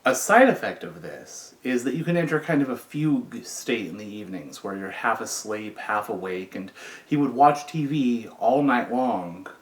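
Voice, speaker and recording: A middle-aged man telling a story in a relaxed, wry, conversational way. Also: medium pitch. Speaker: storyteller, former prisoner. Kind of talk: casual spoken storytelling. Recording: echoey room.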